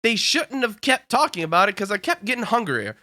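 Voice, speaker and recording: A man's voice: high-pitched, very animated, brisk, pushed and bright, no echo, studio quality. A man hosting a podcast, chatting in a laid-back way and retelling stories with voiced quotes. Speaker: podcast host. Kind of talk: casual chat.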